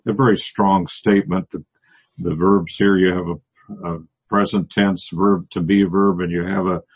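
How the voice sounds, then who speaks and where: A man teaching a Bible passage verse by verse, pausing often and restarting, explaining the Greek words. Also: deep voice, little pitch movement, slightly rough, highs cut off. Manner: halting, many restarts and fillers, explains Greek word by word. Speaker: preacher.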